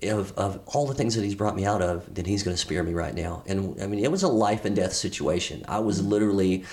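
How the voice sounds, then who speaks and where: A middle-aged man speaks as a podcast guest in a deep, low-pitched voice. He tells his story candidly and earnestly. He halts often, restarting his sentences and filling the gaps with fillers. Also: brisk, a little mellow.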